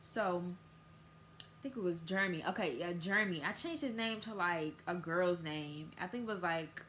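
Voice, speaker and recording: Teen girl, casual vlog storyteller, jumps high for quotes, faint background noise. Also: moderate pace, a bit bright. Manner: casual storytelling, acts out quoted voices with big pitch jumps. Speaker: vlogger.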